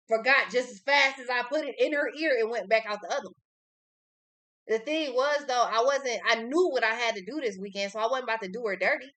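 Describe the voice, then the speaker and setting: Tarot reader, young woman, blunt and profane, bright tense tone. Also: on the high side. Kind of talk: casual tarot reading monologue.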